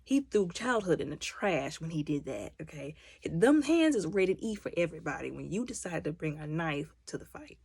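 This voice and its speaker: Woman movie reviewer, casual recap, gravelly and swooping delivery, mocking and animated. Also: low voice, moderate pace, hardly any pauses, dry recording. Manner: animated storytelling, acting out characters' lines; exasperated, mocking commentary.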